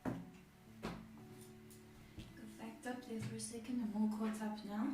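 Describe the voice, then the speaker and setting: A woman's voice: on the high side, little pitch movement, measured pace, mellow, soft background music. A woman co-hosting as moderator. She reads out viewer questions and chats lightly, laughing easily. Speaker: co-host and chat moderator. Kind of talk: reading viewer questions, casual chat. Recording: distant, very echoey mic with background noise.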